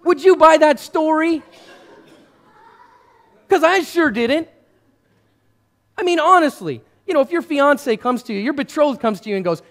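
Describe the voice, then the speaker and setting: A male pastor giving a first-person character sermon, addressing listeners directly and swinging between hushed and raised passages. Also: very high voice, expressive, a little slow, long pauses. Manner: speaks to listeners directly as "you" and "guys".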